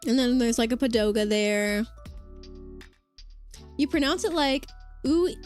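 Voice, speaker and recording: A woman's voice: on the high side, expressive, measured pace, a little mellow. A young woman streaming as a vtuber, chatting casually with lots of "like" and "um", her throat sore after hours of talking. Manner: rambling, filler-heavy, reads chat aloud. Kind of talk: casual livestream chat. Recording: faint music behind the voice.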